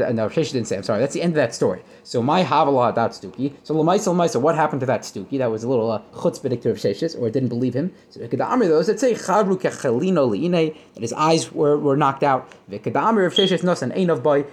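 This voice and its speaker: Fast-talking man teaching Talmud. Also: on the high side. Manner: animated storytelling with many restarts and self-corrections. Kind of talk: casual Talmud lesson, reading and translating.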